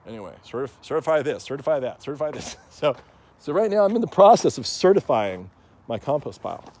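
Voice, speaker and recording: A man's voice: mid-range voice, sing-song, fairly quick, darkish tone. A man with an ordinary mid-range voice chats loosely to his viewers as a plant grower. He rambles and jokes, leaning on fillers and chuckling often between his thoughts. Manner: rambling and joking, many fillers. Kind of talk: casual talk to camera.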